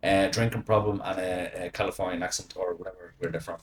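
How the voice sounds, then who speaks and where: A middle-aged Irish man, a podcast guest, talking in a rambling, animated way, often checking in with "right?" and "you know". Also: sits low, quick pace. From Ireland. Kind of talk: casual podcast chat.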